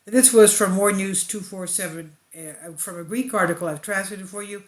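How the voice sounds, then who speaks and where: A woman commentator reading a translated news article aloud and breaking off into hesitant, animated personal remarks. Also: medium pitch, moderate pace. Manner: hesitant, with frequent uh and restarts in her own remarks.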